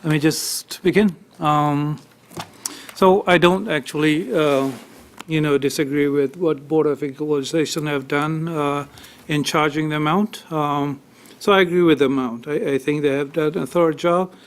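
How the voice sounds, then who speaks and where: Man, fairly high voice, petitioner at a hearing, halting, emotional, lots of fillers. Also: steady tone. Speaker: petitioner at a tax appeal hearing. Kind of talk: unscripted testimony.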